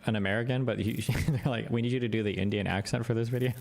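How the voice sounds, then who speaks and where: A man's voice: medium pitch, fairly even intonation, quick pace, vocal fry, very noisy. A man streaming live, reacting to videos in casual, crude, rambling talk.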